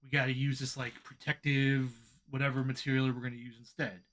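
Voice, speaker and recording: A man co-hosting a casual wrestling podcast, talking in an animated way and swearing as he vents. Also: medium pitch, a little fast. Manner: animated, swearing, venting frustration. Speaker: podcast co-host.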